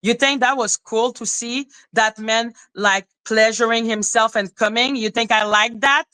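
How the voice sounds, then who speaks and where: Woman streamer, angry profane rant, bright sharp voice, smooth clear tone, dry close sound. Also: fairly high pitch, steady tone, unhurried, no room sound. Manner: heated, profane, repeats herself. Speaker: live streamer.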